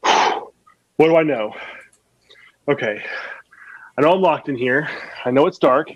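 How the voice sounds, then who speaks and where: A man's voice: on the high side, drawn-out words, a little mellow, dry recording, muffled recording. A man playing a panicked young man locked in a tomb in an improv scene, muttering frantic self-talk that turns into a mock-Shakespearean speech.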